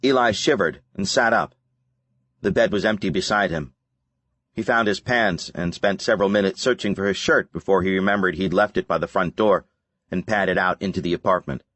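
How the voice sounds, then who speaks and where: A man reading a dark novel aloud in a deep, low voice, measured and brooding. The recording is close and dry, with no room sound. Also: no room sound. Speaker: audiobook narrator. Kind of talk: scripted narration.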